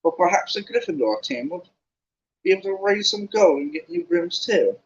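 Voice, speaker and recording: A man's voice: high-pitched, sing-song, normal speed, highs cut off, voice pushed up. A man voicing a smug, sneering schoolboy rival with a drawling, boastful manner.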